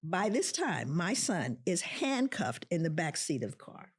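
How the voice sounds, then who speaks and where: Husky, animated middle-aged woman. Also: fairly low pitch, unhurried. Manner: impassioned, acts out quoted voices, repeats for emphasis. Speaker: professor of social work, guest. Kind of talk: emotional storytelling.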